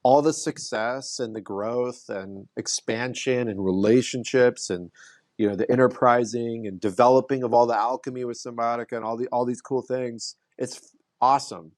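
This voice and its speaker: Speaking at normal speed and mid pitch, a man appearing as a podcast guest chats casually, earnestly sharing his story while often starting phrases over. The sound is close and dry, free of echo or room tone.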